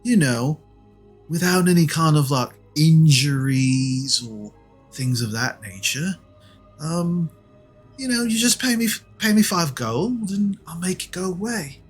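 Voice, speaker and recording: A sneering corrupt city guard with a husky, raised voice, as a man puts him on. He drawls mock-polite threats while demanding payment, enjoying his own menace. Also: a little high, lively intonation, measured pace, soft background music, pitched above the performer's own voice. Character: smug corrupt male city guard running an extortion racket.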